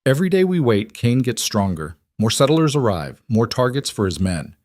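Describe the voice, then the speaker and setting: A man's voice: mid-range voice, big pitch swings, moderate pace, darkish tone, dry recording, lightly acted. A man plays a determined settler pushing for action in a Western story. He talks with grim urgency. The recording is dry and close. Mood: urgent.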